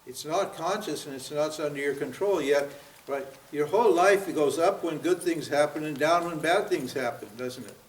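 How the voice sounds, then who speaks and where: A man's voice: fairly high pitch, moderate pace. A man in his seventies giving a spiritual seminar lecture, pressing his listeners with rhetorical questions and frequent "huh?" and "what?". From United States. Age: 70s. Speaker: spiritual teacher. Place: seminar room at a yoga center. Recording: roomy, from far off.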